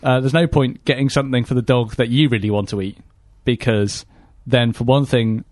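A man's voice: medium pitch, steady tone, normal speed, a little mellow, no room sound. Rambling joking man, dry sound. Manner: rambling, joking, many fillers. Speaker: podcast co-host. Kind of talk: casual comedic chat.

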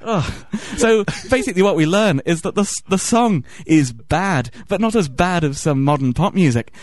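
A man co-hosts a joking conversation, slipping into exaggerated voices as he tells a story. His voice sits a little high, and the sound is dry and close. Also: normal speed, no echo. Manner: animated storyteller, acts out quoted voices. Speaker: podcast co-host. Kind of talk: casual comedic chat.

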